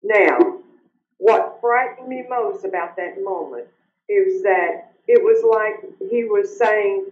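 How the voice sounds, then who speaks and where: An older woman, earnestly telling her personal story as an interview guest, sometimes halting when upset. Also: mid-range voice. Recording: roomy, muffled remote audio.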